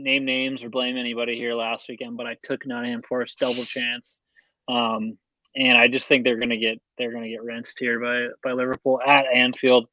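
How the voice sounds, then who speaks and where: A man's voice: mid-range voice, fairly bright tone, no echo. Rambling man on a muffled mic. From Seattle area. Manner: rambling, many fillers and restarts. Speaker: betting podcast co-host. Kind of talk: casual chat.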